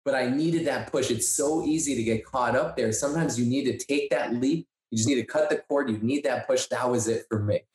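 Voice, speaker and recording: Man co-hosting a podcast, animated storyteller, mid-pitched voice, roomy echo. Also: fairly quick, few pauses. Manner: animated storyteller acting out quoted dialogue. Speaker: podcast co-host. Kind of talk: casual storytelling chat. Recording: echoey room.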